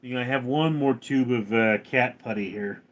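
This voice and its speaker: On a casual livestream, a male host with a medium-pitched voice reads viewer comments aloud at a moderate pace. He answers the chat with jokes, slipping into put-on voices. The audio is dull.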